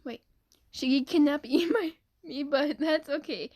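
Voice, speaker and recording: Woman, high voice, giggly, excitable, casual comment-reading vlog, dry close sound. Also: a little slow, dry recording. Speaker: video creator reading comments.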